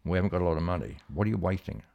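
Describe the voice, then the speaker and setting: A man's voice: sits low, rapid-fire, creaky, muffled recording. A man co-hosting a podcast, casual and sweary, telling stories with laughs. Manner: sweary, storytelling, laughs often. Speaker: podcast co-host. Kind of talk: casual chat.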